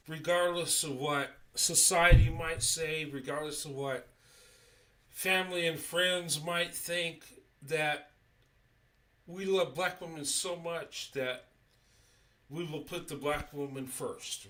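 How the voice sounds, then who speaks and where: Middle-aged man, slightly high voice, slow, sincere live-stream host. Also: pushed and bright, recorded from a distance. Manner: earnest, repeats "okay?" often, halting restarts. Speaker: YouTube channel host. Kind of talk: livestream monologue.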